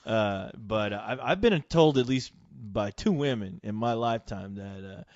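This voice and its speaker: A man's voice: lowish voice, animated, moderate pace, a little mellow, no room sound, muffled recording. A man co-hosting a podcast, teasing his partner and laughing often. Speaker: podcast co-host. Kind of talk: casual comedic chat.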